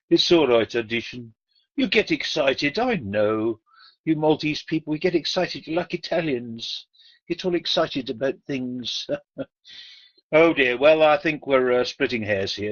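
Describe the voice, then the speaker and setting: A man's voice: medium pitch, expressive, moderate pace, dry recording. A man moderating an online debate room, swearing freely, joking and laughing as he talks. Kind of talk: casual chat. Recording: muffled lo-fi mic.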